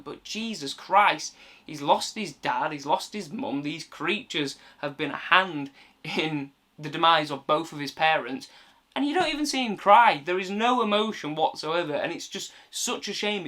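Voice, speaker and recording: A man talks through a film review off the cuff, chatty and loose, dropping the odd swear word. His voice sits a little high for a man, with a bright, sharp edge. He recounts the plot at length in easy, everyday speech. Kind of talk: casual film review monologue.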